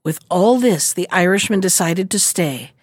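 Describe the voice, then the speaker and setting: A woman narrating a folk tale in a measured, even storytelling manner. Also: fairly low pitch, dry recording, clean studio sound.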